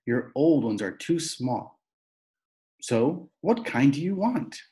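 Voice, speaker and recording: A man's voice: mid-range voice, sing-song, takes it slowly, warm tone, voice pushed up. A man voicing a worried, fussy mother who frets and stammers. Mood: firm. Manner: fretful, flustered, stammering.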